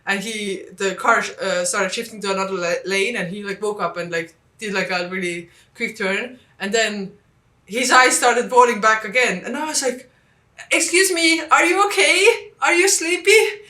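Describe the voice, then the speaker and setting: A woman from Estonia, telling travel stories in a casual vlog and acting out the dialogue with lively jumps in pitch. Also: normal speed, echoey room. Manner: animated, acts out quoted dialogue with big pitch jumps. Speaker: vlogger.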